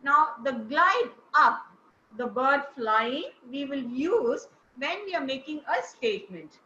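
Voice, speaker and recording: Very animated yet slow, her high voice comes across pushed and bright. As a speech trainer, she teaches intonation to a class and keeps encouraging and praising the students. The recording is roomy and dull, with a little hiss or hum.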